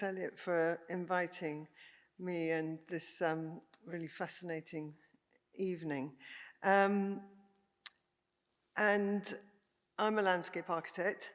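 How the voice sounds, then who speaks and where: A woman landscape architect giving a thoughtful, reflective prepared talk to a panel audience. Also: fairly low pitch. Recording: echoey lecture hall.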